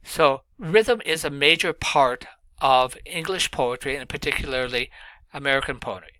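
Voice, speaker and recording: A male literature lecturer talks through his material in a steady, explanatory way, dropping in "uh" between points. His voice sounds bright and forward. The recording is dry, with almost no room echo. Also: mid-range voice. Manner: measured explaining with frequent "uh" fillers.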